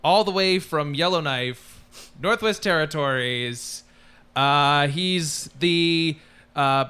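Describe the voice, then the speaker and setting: A man's voice: on the high side, slow, pushed and bright, clear, resonant tone. A man from Saskatchewan, an actor and podcast guest, joking in casual banter. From Saskatchewan, Canada.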